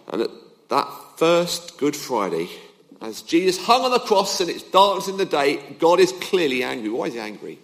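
A man's voice: fairly high pitch, fairly bright tone. A man preaching a sermon, emphatic, with his voice rising and falling to drive points home. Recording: long hall reverb.

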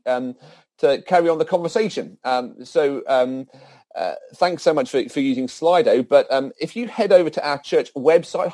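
A man hosting a church event, giving closing announcements with many halting fillers. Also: medium pitch, dark tone, no room sound.

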